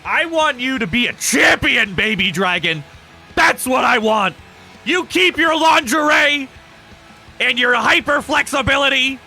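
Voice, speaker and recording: A man putting on a bellowing voice as someone who demands champions, shouting slowly and emphatically. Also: extremely high pitch, lively intonation, vocal fry, soft background music, pitched above the performer's own voice, full character voice. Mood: demanding.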